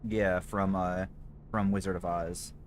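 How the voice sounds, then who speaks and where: A man's voice: deep voice, level tone, a little hiss or hum. A man streaming a horror game, chatting casually with a co-player and stumbling through fillers and restarts. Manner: stammering, full of fillers and restarts; quick, mumbled asides to himself. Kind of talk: casual chat while gaming.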